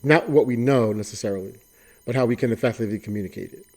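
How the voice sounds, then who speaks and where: A man hosting an interview show, speaking haltingly and repeating words as he builds toward his questions. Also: mid-range voice, darkish tone. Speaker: podcast host. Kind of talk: casual interview chat. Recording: tinny phone line.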